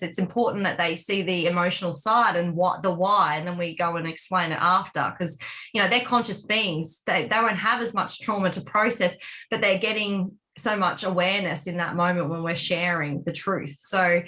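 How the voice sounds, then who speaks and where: A woman's voice: lowish voice, normal speed, sharp tone. A woman telling a personal story in a candid, confessional way, rambling with plenty of fillers. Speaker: vlog co-host.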